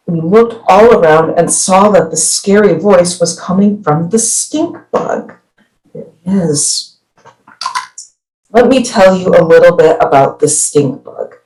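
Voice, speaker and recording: Woman reading a picture book from afar. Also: fairly low pitch. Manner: lively storytelling, voicing each animal. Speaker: children's book reader. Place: library. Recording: distant from the mic.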